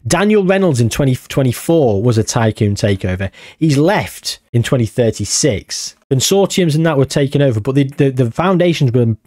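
A young man giving casual, excitable commentary on a football management game, swinging from musing to amazed outbursts. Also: mid-range voice, normal speed, few pauses, dry recording, clean studio sound. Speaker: gaming YouTuber.

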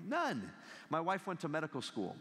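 A man in his thirties giving a humorous talk as a guest speaker, telling stories in an animated way and laughing often. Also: fairly high pitch, moderate pace, slightly rough. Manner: animated storytelling with frequent laughter. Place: large university lecture hall. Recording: long hall reverb.

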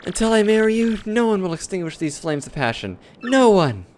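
A man's voice: sits high, very animated, brisk, darkish tone, slight background noise. A man voicing a lovestruck, melodramatic young female tree-creature who pleads and swoons. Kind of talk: reading game dialogue in character.

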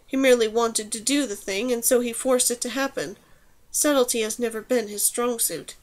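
A woman's voice: fairly high pitch, normal speed, close to an everyday voice. A woman reading a wise old duck mole. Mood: explaining. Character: wise male duck mole, calm and knowing.

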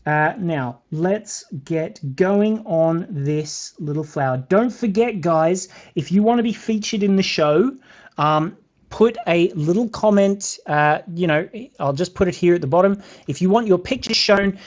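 A man's voice: high voice, a little slow. A man with a British accent hosting a live beading tutorial, chatting to viewers and counting beads aloud as he works. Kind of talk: live craft tutorial, casual chat. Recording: slightly dull lo-fi sound.

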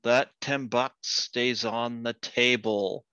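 A male ghost guarding a cash bill speaks slowly and deliberately, as a man puts him on while telling a joke. The tone is bright and forward. The sound is slightly dull and lo-fi, in a dry space. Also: mid-range voice, fairly even intonation, clear, resonant tone, no room sound. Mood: warning.

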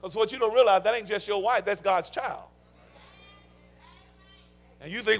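A man, a pastor preaching a sermon in church, calling out questions for the congregation to answer and rising into shouts. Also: sits high, normal speed, pauses often. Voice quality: gravelly. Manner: call-and-response preaching, shouting peaks. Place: church sanctuary.

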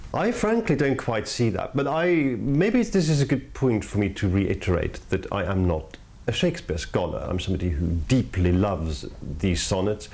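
A man with a somewhat low voice gives earnest spoken commentary as a podcast host. He talks in measured phrases, repeats his points for weight, and jumps up in pitch on the words he wants to stress. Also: a little mellow. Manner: earnest, emphatic, with sudden rises in pitch on key words. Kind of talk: reflective spoken commentary on poetry.

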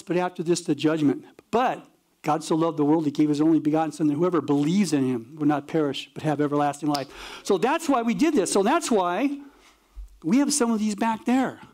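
A man pastor delivering a sermon, telling stories with acted-out dialogue and punchy emphasis. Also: high voice. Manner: animated storytelling, acts out dialogue.

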